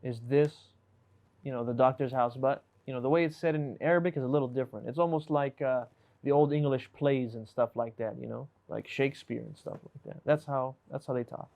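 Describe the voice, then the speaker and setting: A man's voice: medium pitch, fairly even intonation, brisk, gravelly, a little mellow. A man teaching an Arabic class over a video call, patiently questioning and correcting his students and mixing English with Arabic grammar terms.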